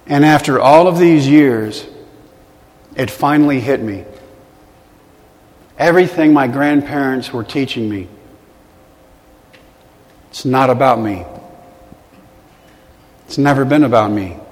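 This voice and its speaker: A man telling a personal story to a live audience, earnest and self-deprecating, dropping quiet at the emotional moments. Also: mid-range voice, slow pace, pauses often. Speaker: motivational speaker. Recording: long hall reverb.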